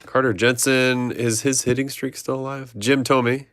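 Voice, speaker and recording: A man's voice: medium pitch, flat delivery, normal speed, fairly bright tone, clear, resonant tone, dry recording. A man hosting a trading card break, reading off player names and chatting with viewers. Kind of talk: live card-opening stream chat.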